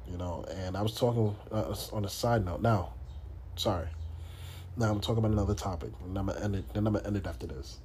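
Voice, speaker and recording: A man's voice: fairly low pitch, fast, a little mellow, slight background noise. A man from the United States hosting a podcast, talking in a blunt, profane, casual monologue full of restarts. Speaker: podcast host.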